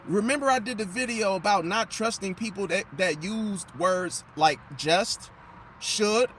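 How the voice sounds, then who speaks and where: A man giving an animated, emphatic astrology monologue and losing his voice. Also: sits high, a little slow, slight background noise. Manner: animated, emphatic, repeats "see?"; drops into mocking impressions of others. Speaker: astrology commentator. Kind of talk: casual monologue.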